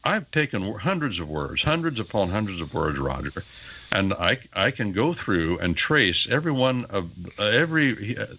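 In a low-quality recording, an older man with a lowish voice and moderate pace lectures about the Bible as a radio talk show guest. His on-air teaching is emphatic and animated, with stresses that rise.

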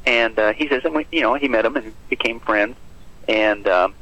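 A pastor preaching urgent, emphatic warnings about the end times on a radio talk program. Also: male voice, mid-range voice, moderate pace, bright, forceful tone, slightly rough. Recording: muffled lo-fi broadcast audio.

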